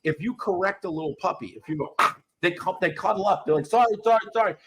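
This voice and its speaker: A man's voice: sits high, quick pace, a bit bright, slightly rough. A man who trains dogs, coaching a student in a casual chat, blunt and swearing freely. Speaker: dog trainer.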